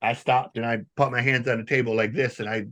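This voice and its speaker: A man hosting a podcast, telling stories in a rambling, animated, casual way. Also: medium pitch, fast talker. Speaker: podcast host. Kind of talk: casual storytelling chat.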